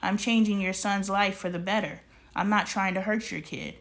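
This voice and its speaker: A woman talks straight to her audience in a casual storytime monologue. She is an animated storyteller who acts out both sides of a conversation and drifts into spiritual, preachy asides. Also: mid-range voice, normal speed. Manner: animated storyteller acting out dialogue. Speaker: vlogger.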